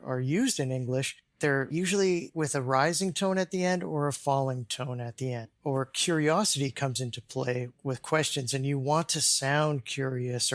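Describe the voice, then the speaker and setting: A man who coaches English pronunciation, explaining his methods step by step in a measured, conversational podcast interview. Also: mid-range voice, no room sound, studio quality.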